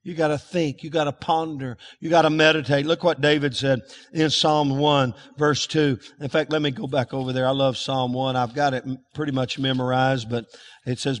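A man's voice: mid-range voice, flat delivery, moderate pace, long reverb tail. A man preaching a folksy sermon, asking the congregation to call out words back to him. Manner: folksy, calls for congregation responses. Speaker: pastor.

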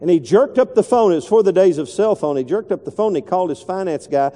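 A middle-aged man, telling a folksy story in a sermon and dropping his voice low when he quotes people. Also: expressive, fast talker, dark tone. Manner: folksy, repetitive, drops voice low when quoting. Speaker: pastor. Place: large church sanctuary. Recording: long echo of a big hall.

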